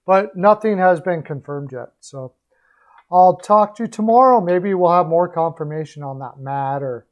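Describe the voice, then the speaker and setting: Slightly high-voiced man hosting a stream. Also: normal speed, highs cut off. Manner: relaxed, rambling sign-off with fillers. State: losing his voice. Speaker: live stream host. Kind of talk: casual live-stream chat.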